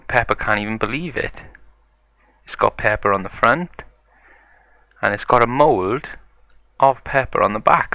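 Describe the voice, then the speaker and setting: A man narrating a story acted out with toys, in a slow, gravelly way. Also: fairly low pitch, pushed and bright, dry recording. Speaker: toy video narrator. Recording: dull lo-fi sound.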